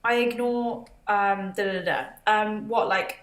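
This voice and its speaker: A woman's voice: medium pitch, a little slow, few pauses. Chatty woman reading comments. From Britain. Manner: chatty, laughs often, reads out viewer comments. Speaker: livestream host. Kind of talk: casual livestream chat. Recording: roomy echo.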